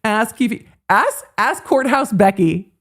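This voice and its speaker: A woman hosting a live legal commentary stream, telling a story in a casual, animated way and acting out the lines she quotes. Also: fairly high pitch, takes it slowly.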